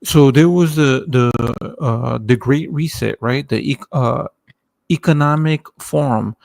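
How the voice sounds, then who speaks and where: Brief: man with a heavily gravelly voice, halting and restarting. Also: medium pitch, darkish tone, no echo. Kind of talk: casual chat.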